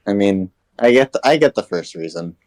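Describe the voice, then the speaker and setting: A man with a fairly low voice, talking laid-back and blunt in a casual film review chat. He swears now and then. The recording is dry and close. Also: lively intonation, normal speed, darkish tone, no room sound. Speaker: podcast co-host.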